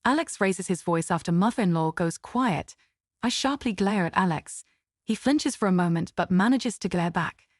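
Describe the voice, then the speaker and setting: A woman narrating a first-person family drama story in an even, steady way. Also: on the low side, normal speed, no echo, studio quality.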